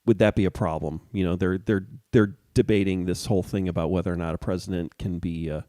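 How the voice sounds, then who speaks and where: A middle-aged man from the Chicago area, co-hosting a casual chat show and talking in a halting way with many fillers. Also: low-pitched, fairly even intonation, mellow, dry recording, studio quality. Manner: hesitant, halting, many ums and uhs. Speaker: podcast co-host.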